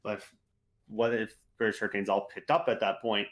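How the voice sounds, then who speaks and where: A young man co-hosting a casual gaming podcast, talking in excited, rambling bursts full of "like" and restarts. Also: lowish voice, brisk. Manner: excitable, rambling, heavy use of "like". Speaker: podcast co-host. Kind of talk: casual esports podcast chat.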